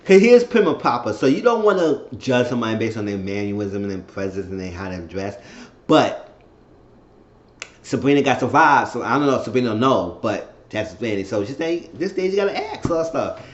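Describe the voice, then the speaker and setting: Man, casual TV recap vlogger, animated delivery, dull lo-fi echoey sound. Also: fairly low pitch, fairly quick. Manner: animated storytelling, acting out quotes.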